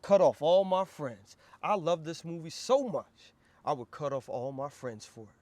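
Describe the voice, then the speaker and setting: A man hosting a comedic movie review vlog, animated and profane, breaking into quick comic skits. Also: a little high.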